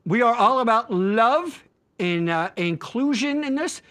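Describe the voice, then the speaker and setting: A man co-hosting a casual chat show, excitable, jokey and rambling as he talks. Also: very high voice, a little slow. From Pennsylvania. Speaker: podcast co-host.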